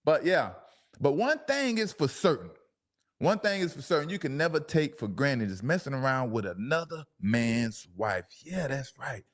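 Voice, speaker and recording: A man hosting a talk show, giving casual, animated commentary on a clip with speech. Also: mid-range voice. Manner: animated, laughing, drawn-out emphatic asides. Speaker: show host.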